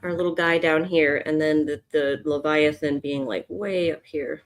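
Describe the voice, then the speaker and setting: Low-voiced woman chatting while sketching. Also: fairly even intonation, normal speed. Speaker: art teacher hosting a live sketch session. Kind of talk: casual live drawing stream.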